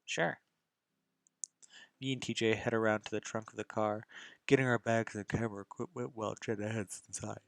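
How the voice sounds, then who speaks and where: A young man narrates a visual novel in the first person, in a fairly low voice. He reads casually, tripping over words and restarting lines as he goes. The sound is dry and close to the mic. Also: flat delivery, fast, no echo. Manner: casual, stumbling reading with restarts. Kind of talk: amateur visual novel reading.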